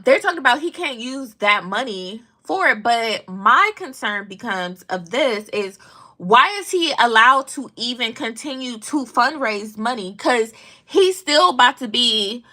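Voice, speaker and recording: A woman's voice: a little high, bright, forceful tone. A young adult woman vlogging, telling casual stories about the news in a blunt, slangy, profane way. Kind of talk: casual storytelling commentary.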